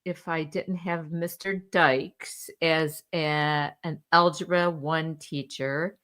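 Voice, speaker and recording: A woman's voice: sits low, steady tone, takes it slowly, a bit bright. A woman co-hosting a casual chat show over a video call. She is candid and swears, and she laughs often as she talks. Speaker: podcast co-host.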